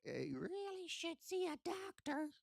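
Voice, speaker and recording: A squeaky cheeky boy puppet. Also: huge pitch swings, normal speed, creaky, no echo, clean studio sound, full character voice. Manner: squeaky, pert child voice that answers back. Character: cheeky little boy puppet, sassy and teasing.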